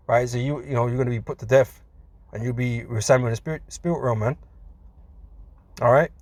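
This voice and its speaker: Male preacher, mid-pitched, loose street-talk delivery, laughs between points, dry sound. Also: a little mellow, no room sound. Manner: casual, says "man" a lot, laughs between points. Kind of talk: scripture teaching.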